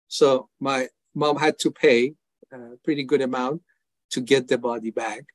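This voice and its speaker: A man's voice: mid-range voice, steady tone, unhurried, no echo. An older man from Iran, giving his personal testimony as an interview guest in an earnest, emphatic way. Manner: earnest, emphatic, acts out his prayers and replies in a raised voice. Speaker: ministry founder, interview guest.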